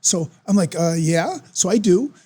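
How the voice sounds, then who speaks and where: A man, telling a story as a podcast guest in an excitable, animated way. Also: high-pitched, normal speed, husky. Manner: animated, excitable storyteller who acts out quoted voices. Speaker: podcast guest, former football player. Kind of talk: casual storytelling.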